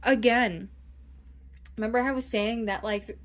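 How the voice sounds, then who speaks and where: A woman's voice: fairly high pitch, steady tone, moderate pace. A young woman giving a casual tarot reading, rambling and chatty, often checking in with "okay?" and acting out imagined inner voices. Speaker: tarot reader.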